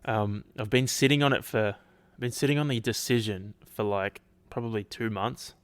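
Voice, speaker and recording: A man's voice: on the low side, fairly even intonation, moderate pace, smooth, no echo. A man hosting a casual solo podcast, rambling, restarting sentences and swearing offhandedly, his throat a little dry. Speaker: podcast host.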